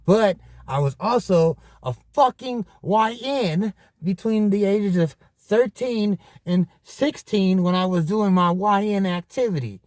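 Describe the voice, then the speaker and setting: A man hosting a podcast, telling a story in a casual monologue full of profane, animated street slang. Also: high voice, unhurried, hardly any pauses, dry recording, clean studio sound. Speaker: podcast host.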